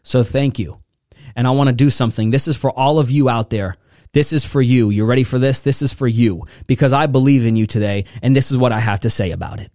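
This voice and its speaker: A man hosting a motivational podcast, speaking in a preachy way that keeps building excitement. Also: medium pitch, a little fast, no room sound, clean studio sound. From New York. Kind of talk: motivational speech.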